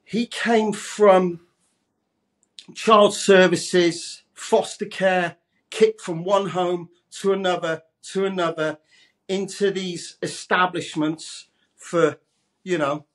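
A man's voice: high-pitched, steady tone, takes it slowly. A man from Leeds, a radio presenter chatting as a guest in a casual interview, laughing easily and calling the host mate. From Leeds, England. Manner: chatty, laughs often, calls everyone mate.

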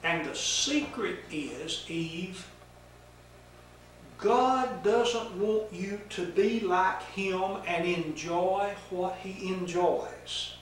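An older man voicing a sly, smooth-talking male serpent-devil who drawls casually and then turns hushed and earnest, in an echoey room with the mic set far off. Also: sits high, drawn-out words, a little hiss or hum.

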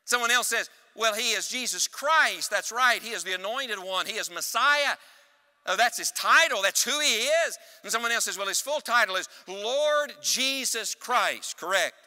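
A male evangelist delivers an emphatic church sermon, pausing so the congregation can shout the next word back. His voice sits high and sounds bright and piercing. It rings out with a long reverb, as if in a big hall. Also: animated. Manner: emphatic preaching with call-and-response.

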